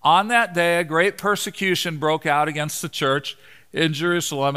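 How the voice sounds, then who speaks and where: A man preaching a sermon in a church, animated and conversational, joking with the congregation. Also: fairly high pitch, clean tone. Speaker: preacher, Bible teacher.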